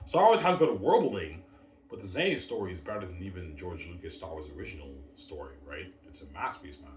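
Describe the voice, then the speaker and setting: A man's voice: low-pitched, expressive, quick pace, a little mellow, slight background noise. A man hosting a casual solo livestream, boasting over and over and calling out to his viewers. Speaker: livestream host. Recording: roomy, distant mic.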